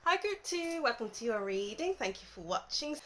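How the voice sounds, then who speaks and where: A woman doing a casual tarot reading monologue, playful and giggly, with soft, reflective stretches. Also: a little high, sing-song, normal speed, slight background noise, poor audio. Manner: playful and giggly, breaks into song and laughter; soft, intuitive, reflective delivery. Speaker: tarot reader.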